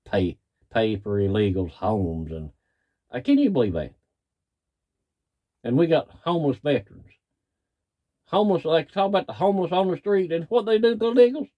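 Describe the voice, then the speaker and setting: Middle-aged man, cattle farmer, fired-up folksy rant, slightly high voice. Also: sing-song, moderate pace, pauses often, dark tone. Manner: plain-spoken, folksy, angry. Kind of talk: frustrated rant to camera.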